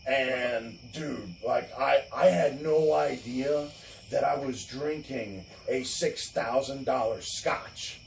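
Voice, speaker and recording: A man's voice: medium pitch, slow, creaky. A man telling a long story in casual chat, cursing, laughing, and acting out the voices of the people in it. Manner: swearing, laughing, acts out voices in his story. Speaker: co-host. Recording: echoey room, far from the mic, faint noise.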